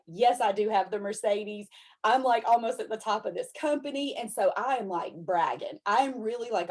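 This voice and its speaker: A young adult woman, telling a story in a chatty, animated way, full of "like" and "y'all". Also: mid-range voice. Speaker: independent consultant and motivational speaker. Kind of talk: casual live-stream storytelling.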